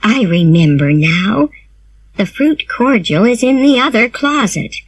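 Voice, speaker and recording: A woman's voice: fairly high pitch, lively intonation, unhurried, no echo. A woman reading a storybook aloud and voicing a stern, practical older woman guardian with a firm, matter-of-fact manner.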